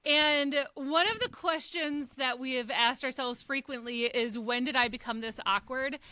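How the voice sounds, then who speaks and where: A woman's voice: sits high, normal speed, pushed and bright, clear, resonant tone, no room sound. A woman in her thirties co-hosting a casual chat, telling a story with lots of laughter and acted-out dialogue. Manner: laughs through stories, acts out dialogue. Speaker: podcast co-host.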